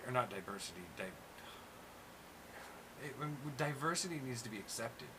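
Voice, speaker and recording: A man in casual chat, hosting, ranting loudly and swearing constantly. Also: medium pitch, normal speed, noisy background. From USA. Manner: profane, ranting, animated. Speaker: host.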